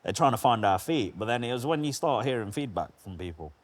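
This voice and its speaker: A man's voice: mid-range voice, lively intonation, fast talker. A man hosting a podcast, chatting casually, agreeing often and swearing now and then. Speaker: podcast host, detailer.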